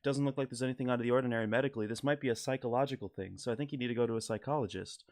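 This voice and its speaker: A man playing a calm, matter-of-fact doctor in a told joke. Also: medium pitch, very fast, lightly acted. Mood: clinical. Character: calm, clinical adult male doctor.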